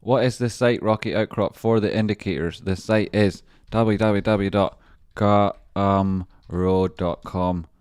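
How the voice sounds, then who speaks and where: A man with a low voice runs a trading livestream, chatting loosely over his charts. He swears freely and keeps breaking off to greet viewers. The sound is close and dry, with no room around it. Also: steady tone, slow pace, few pauses, a little mellow, clean tone, dry recording. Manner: rambling, profane, chatty asides to viewers. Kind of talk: casual live-stream chart commentary.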